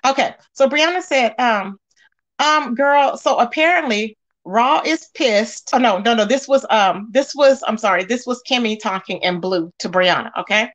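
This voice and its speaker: A woman hosting a casual gossip commentary, talking straight to her viewers in an animated way with lots of fillers. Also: fairly high pitch, moderate pace. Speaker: commentary channel host.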